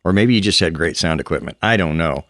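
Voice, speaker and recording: Middle-aged male comic, deep-ish, rambling storyteller, dry studio sound. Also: expressive, fast, a bit bright, no room sound. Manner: rambling storyteller, laughs at own tales. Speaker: comedian guest. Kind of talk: casual podcast chat. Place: small hot studio.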